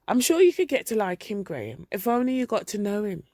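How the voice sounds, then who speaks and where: A woman's voice: medium pitch, big pitch swings, fairly quick, darkish tone, no echo, clean studio sound. A woman reading a dramatic monologue, voicing a fretful elderly mother in her seventies who scolds and sulks. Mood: coaxing. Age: 70s. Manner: scolding, wounded, accusing.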